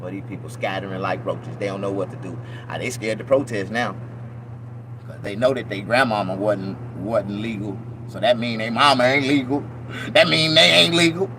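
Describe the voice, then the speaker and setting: With a fairly low pitch and moderate pace, a middle-aged Mississippi vlogger delivers a casual, rambling monologue to his viewers in a Southern accent. He's loose, profane and animated, slipping in mock-preaching asides, and there is background noise.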